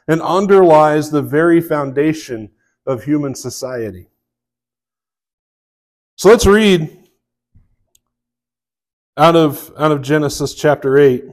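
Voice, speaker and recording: A man with a Southern US accent preaching a sermon to a live congregation, telling a story in a relaxed way with many fillers. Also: fairly high pitch, takes it slowly, pauses often. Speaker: pastor.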